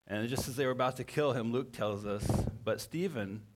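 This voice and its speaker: A man preaching a sermon as a pastor, halting and often repeating his words. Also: mid-range voice.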